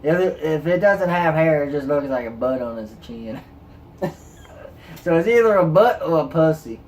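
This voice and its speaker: A man's voice: a little high, expressive, moderate pace, a little mellow, a little hiss or hum. Joking man in a put-on drawl. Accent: put-on Southern drawl. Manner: crude joking, storytelling. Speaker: co-host. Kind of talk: casual chat.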